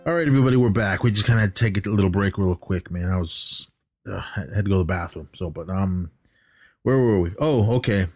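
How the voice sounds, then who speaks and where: Man, podcast co-host, low voice, dry close sound, rambling with fillers, occasional cough. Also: brisk, darkish tone, husky, dry recording. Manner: rambling, many fillers and restarts. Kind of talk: casual movie recap chat.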